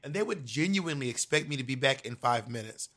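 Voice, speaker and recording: Bright, animated campy storyteller man. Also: mid-range voice, fast. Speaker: drag performer and actor. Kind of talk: casual chat on a video call. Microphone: remote video call.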